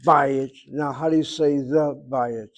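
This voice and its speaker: A man's voice: mid-range voice, steady tone, a little slow. Patient male Hebrew teacher, methodical. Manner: patient, methodical, repeats words for drill. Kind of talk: grammar lesson explanation.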